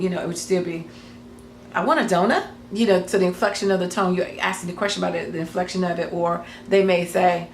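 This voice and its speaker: A woman's voice: lowish voice, gravelly. A woman explaining casually to camera in a rambling, hesitant way, with many ums and self-corrections. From United States. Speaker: craft channel host. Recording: echoey room with faint noise.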